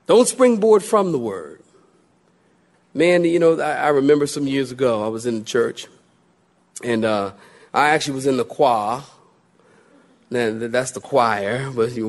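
A male pastor preaching a sermon with emphatic repetition and animated storytelling. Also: fairly high pitch, moderate pace.

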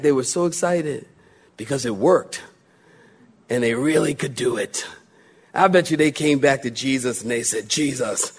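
A male pastor preaching a sermon with emphatic repetition and animated storytelling. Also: fairly high pitch.

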